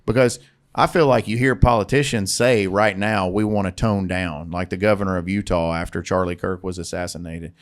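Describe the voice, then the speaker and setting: Deep-voiced man hosting a podcast. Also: fairly even intonation, fairly quick. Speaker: podcast co-host leading the topic. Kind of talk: casual podcast discussion.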